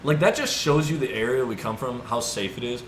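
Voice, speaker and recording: This young co-host, in his twenties, speaks a little fast at medium pitch. His casual, meandering stories are full of "like" and "dude," retold with animation, in an echoey room with noise behind him.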